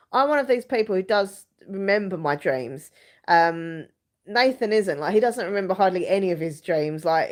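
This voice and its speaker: A young woman chats to her viewers on a live stream from home. She rambles from story to story, giggles at herself and answers comments as they come in, all at an everyday middle pitch. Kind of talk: casual live chat, reading comments.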